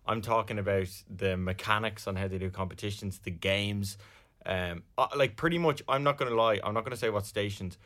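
A man's voice: on the low side, a little fast, fairly bright tone. A man, a podcast co-host and radio presenter, talking in a joking, playful way in casual banter. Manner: joking, sings and does impressions.

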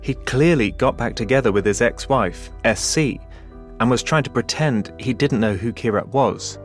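A man narrating a documentary podcast as its host, in a measured, deliberate storytelling manner. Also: mid-range voice, faint music behind.

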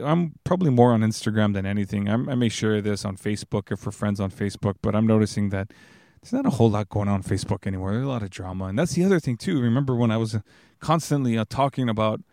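A man's voice: fairly low pitch, a little mellow, no echo. A man hosting his own podcast, talking in a casual, rambling, earnest way close to the microphone. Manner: rambling, earnest, many restarts and fillers. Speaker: podcast host. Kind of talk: casual solo podcast monologue.

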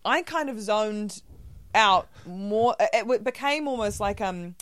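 A woman's voice: mid-range voice, animated, measured pace, fairly bright tone, no room sound. A woman with a New Zealand accent, a guest on a comedy podcast, rambling and laughing as she talks. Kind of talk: casual comedy podcast chat.

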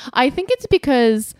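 A woman's voice: sits high, darkish tone, dry recording, clean studio sound. An Australian woman co-hosting a podcast, giving frank opinions in casual chat and laughing easily. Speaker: podcast co-host.

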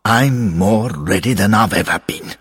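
An earnest, excitable ghost football manager, as a male storyteller puts him on, talking slowly in a husky, lively voice. He presses his point with keen insistence. The reading carries a long reverb tail. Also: on the low side, heavily acted. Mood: eager.

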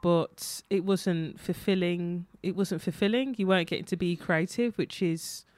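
A woman's voice: fairly low pitch, moderate pace, a little mellow, no room sound. A woman hosting a podcast interview, encouraging and affirming her guest. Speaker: podcast host. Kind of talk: conversational interview.

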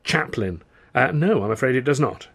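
A man voicing a polite, formal lawyer who talks in a measured, slightly hesitant way. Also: mid-range voice, big pitch swings, creaky, a bit bright, slightly rough, full character voice. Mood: flustered. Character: flustered formal male lawyer, polite and fussy.

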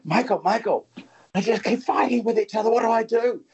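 A man's voice: extremely high pitch, fairly quick, creaky, highs cut off, crowd noise, voice pushed up. Man doing a pleading French teenage boy. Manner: pleading, worried.

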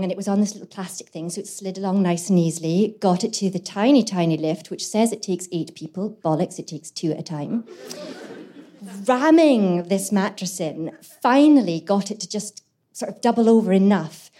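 Actress, co-host, lively comic storytelling, handheld mic, live audience. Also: female voice, mid-range voice, brisk. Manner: lively, swearing, laughing through the story. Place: live venue before an audience. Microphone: handheld microphone.

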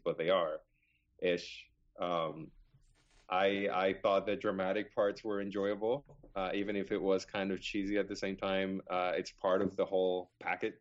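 A young man on a podcast, telling a rambling story in casual chat with lots of fillers and restarts. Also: deep voice. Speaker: podcast co-host. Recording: slightly dull lo-fi sound.

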